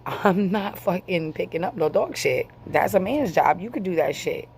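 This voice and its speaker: A woman's voice: on the low side, lively intonation, moderate pace, gravelly, few pauses, darkish tone, a little hiss or hum. A woman in her forties venting to her camera, angry, tired and swearing freely. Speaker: vlogger.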